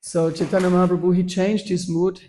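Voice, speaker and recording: A man's voice: high-pitched, brisk, slight background noise. A man, telling a devotional story at a workshop with many fillers and restarts. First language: German. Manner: animated, with frequent fillers and restarts. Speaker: workshop speaker.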